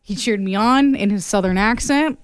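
A woman co-hosting an afternoon radio podcast, chatting casually and telling lively stories with frequent laughs. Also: mid-range voice, moderate pace, clear, resonant tone, no room sound, clean studio sound. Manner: animated storytelling, laughs often. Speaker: radio co-host. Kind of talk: casual chat. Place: radio studio.

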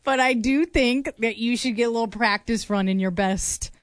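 A woman's voice: fairly high pitch, moderate pace, dry recording. Teasing woman host, dry close sound. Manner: teasing, playful. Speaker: radio host. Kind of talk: casual radio banter.

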